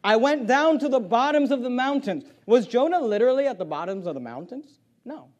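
A man preaching a sermon, reading scripture aloud with loud swells and sudden drops. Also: extremely high pitch, animated, a little fast, muffled recording. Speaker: pastor.

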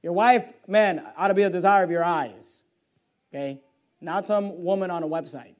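A male preacher with a notably high-pitched voice delivers an evening sermon. He reads scripture in old-fashioned phrasing, drops to low, hushed stretches, then climbs into loud, fervent exhortation. He often repeats words as he works through a thought. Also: moderate pace, highs cut off. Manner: repeats words while thinking aloud.

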